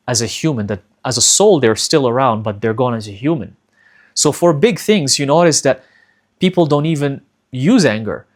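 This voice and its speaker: Male spiritual teacher, middle pitch, earnest and direct, repeats key points. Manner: addresses listeners directly. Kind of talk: motivational spiritual talk.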